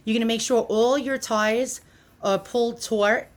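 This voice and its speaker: A woman's voice: fairly high pitch, fairly even intonation, normal speed. Chatty New York woman demonstrating. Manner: chatty, with frequent ums and uhs. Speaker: product demonstrator. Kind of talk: casual how-to demonstration.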